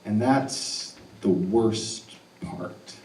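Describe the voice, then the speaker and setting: A man telling a true personal story live on stage, earnest and animated with laughing asides. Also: fairly low pitch, very slow. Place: stage in an arts center hall. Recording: roomy hall audio picked up from a distance.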